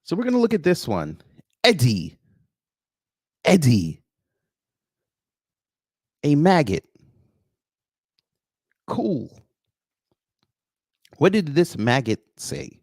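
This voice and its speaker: A man's voice: medium pitch, very animated, slow, long pauses, darkish tone, no echo, studio quality. A man hosting a livestream, reading viewer names and commenting with a sarcastic, mocking edge. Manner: sarcastic, greets chat viewers by name. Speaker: livestream host.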